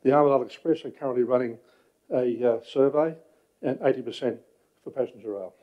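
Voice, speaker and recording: Breathless man, mid-pitched, halting public comment, slightly dull recording. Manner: halting, frequent fillers, clears throat. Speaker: public speaker at council meeting. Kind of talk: public address at a meeting. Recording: muffled council chamber audio.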